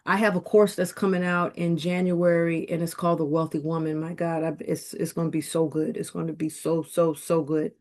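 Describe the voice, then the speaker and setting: A woman's voice: deep voice, level tone, fairly quick, hardly any pauses, a little mellow. A woman leading a motivational group coaching call, talking emphatically with lots of repetition and affirmations. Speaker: business and wealth coach.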